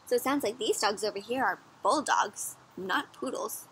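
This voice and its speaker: A young woman reading a picture book aloud for children, animated, often pausing to ask her listeners questions. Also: medium pitch, slight background noise. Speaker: children's storyteller. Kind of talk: interactive read-aloud for kids.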